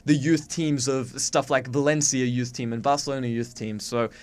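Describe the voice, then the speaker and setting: A nineteen-year-old Australian YouTuber with a faint, watered-down accent chats casually to his webcam, swearing freely. His medium-pitched voice stays fairly even at a normal speed, and the sound is clean.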